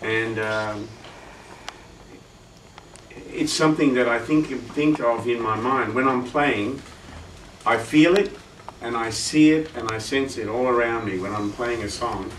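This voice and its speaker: A man's voice: mid-range voice, a little slow, fairly bright tone, a little hiss or hum. A man who is a guitarist, giving a workshop in casual teaching talk, chatty, sounding out rhythms with his voice. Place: music shop event room. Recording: roomy room, distant mic, guitar playing.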